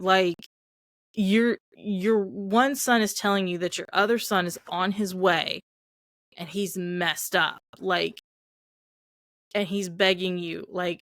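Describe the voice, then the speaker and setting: A woman co-hosting a relaxed movie review podcast, walking through scenes with lots of "like" and quoted lines. Her voice sits low and carries a gravelly fry. The recording is dry and close. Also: slow, dry recording. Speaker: podcast co-host. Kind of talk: casual movie review chat.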